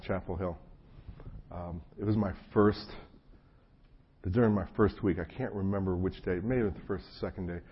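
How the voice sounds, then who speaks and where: A man's voice: deep voice, breathy edge. A man from New Jersey, a pastor, preaching in a loose, conversational way with storytelling asides and a frog in his throat. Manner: folksy, self-deprecating storytelling with many asides. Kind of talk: conversational sermon. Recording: muffled lo-fi audio with faint hum.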